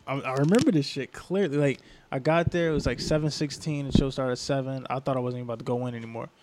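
A man's voice: mid-range voice, fast, a little hiss or hum. A young man, a comedian, telling a story in casual podcast chat and acting out the people in it. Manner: animated storyteller, acts out quoted people.

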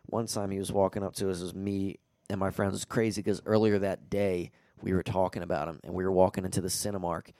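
A young man tells blunt, profane anecdotes in a casual podcast chat. His voice is low and gravelly. It is recorded dry and close. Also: little pitch movement, fast talker, hardly any pauses, warm tone, no room sound.

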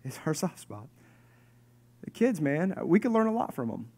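Man, 30s-40s, pastor, conversational animated sermon, light joking asides. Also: on the high side, normal speed, gravelly, slightly rough. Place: church hall with congregation.

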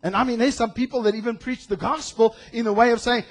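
Shouting for emphasis and voicing different characters, this pastor delivers a lively sermon. He talks at a quick pace in a very high-pitched voice, with faint music playing behind him.

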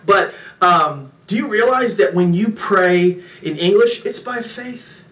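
A middle-aged man preaching a sermon as pastor, telling family stories in a joking, animated way. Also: sits high, slow pace. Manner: storytelling, jokey, animated with impressions. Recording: echoey room, mic from a distance.

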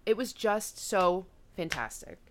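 A woman's voice: mid-range voice, big pitch swings, measured pace, crowd noise. A woman hosting a podcast, chatting casually and joking as she paints a scene. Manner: joking, playful scene-setting. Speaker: podcast host. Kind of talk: casual chat.

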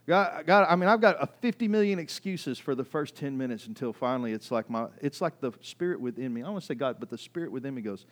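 A middle-aged male pastor preaching a conversational, animated sermon that builds in intensity. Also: medium pitch, fast, hardly any pauses.

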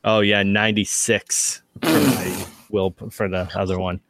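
A man's voice: on the low side, a bit bright, no room sound. A man playing a tabletop game, asking rules questions and swearing at bad rolls. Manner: quick reactions, swears. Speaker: player.

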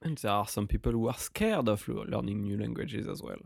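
A man with a French accent, a native French speaker, co-hosting a relaxed podcast chat in English. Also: lowish voice, brisk, creaky, dry recording, studio quality. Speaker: podcast co-host. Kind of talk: casual conversational chat.

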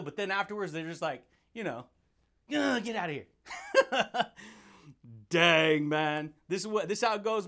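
A high-pitched man hosts a motivational podcast. He talks in a hyped, playful way and breaks into laughter often, calling his listeners buddy and dude. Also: a bit bright. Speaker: podcast host.

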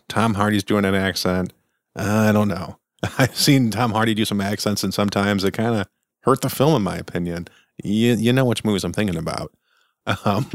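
A man talking through a casual film review in a lowish voice, chatty and full of opinions. He sounds keen and conversational, and the recording is close and dry with no room sound. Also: no echo. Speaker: podcast host.

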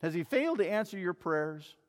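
Male pastor, high voice, dramatic sermon with voiced crowd lines, reverberant church. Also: sing-song, brisk. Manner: dramatic, acts out crowd voices, asks rhetorical questions. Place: church sanctuary.

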